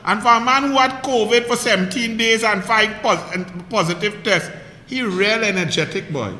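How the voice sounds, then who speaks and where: A Trinidadian man rants about politics in a bright, high voice, mocking and combative, throwing out rhetorical questions. His voice rings around an echoey room with a long reverb tail. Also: moderate pace, slight background noise. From Trinidad and Tobago. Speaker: political commentator. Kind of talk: heated political monologue.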